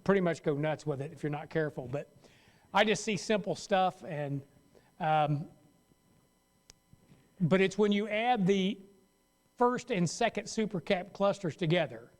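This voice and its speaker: A man's voice: high voice, lively intonation, unhurried, long pauses. A man pastor teaching a Sunday school Bible lesson in a loose, conversational way, often stopping mid-sentence to restart.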